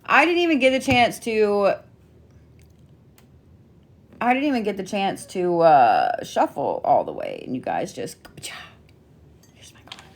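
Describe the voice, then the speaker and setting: A woman's voice: medium pitch, big pitch swings, unhurried, vocal fry, pauses often. A middle-aged woman giving a casual weekly zodiac card reading, chatty and playful with frequent swearing. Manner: chatty, profane, playful teasing. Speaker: tarot and zodiac reader.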